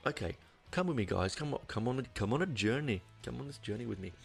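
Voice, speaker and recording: A man's voice: mid-range voice, lively intonation, quick pace, creaky, faint music behind. A man putting on an Indian accent to play a coaxing guide who invites listeners along on a journey. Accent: put-on Indian.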